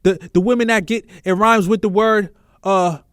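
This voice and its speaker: A man's voice: high-pitched, steady tone, moderate pace, a bit bright, dry recording, studio quality. A man, talking emphatically and repeating himself as a commentary host. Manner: emphatic, repetitive, conversational. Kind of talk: street culture commentary.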